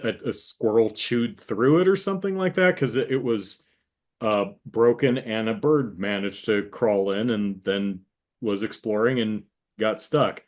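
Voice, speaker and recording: A man's voice: on the low side, a little slow, darkish tone. A man hosting a casual chat with his sister, telling a rambling story and acting out the voices in it. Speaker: host.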